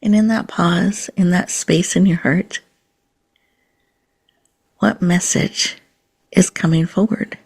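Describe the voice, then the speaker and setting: A woman hosting a podcast, leading listeners through a slow, soothing mindfulness and breathing exercise. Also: on the low side, fairly even intonation, a little mellow, breathy edge. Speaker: podcast host.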